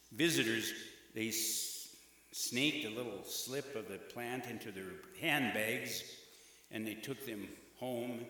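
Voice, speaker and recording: Man, middle-aged preacher, emphatic repeated phrases, slow delivery, long reverb in a big hall. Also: lowish voice, sharp tone. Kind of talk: sermon.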